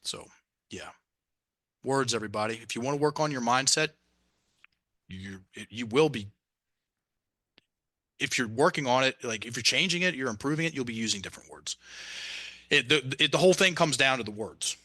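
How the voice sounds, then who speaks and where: A man guesting on a podcast, telling a story in a lively, animated way and restarting his phrases, sometimes dropping almost to a whisper. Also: medium pitch, moderate pace, pauses often, dry recording. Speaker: podcast guest, mindset coach. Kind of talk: casual conversation.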